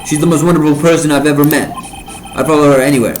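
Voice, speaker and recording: A man reading the lines of an excitable, lovesick young man in a video game, eager and stammering as he rushes through them. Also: on the high side, faint music behind, close to an everyday voice, low-quality recording. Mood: dreamy.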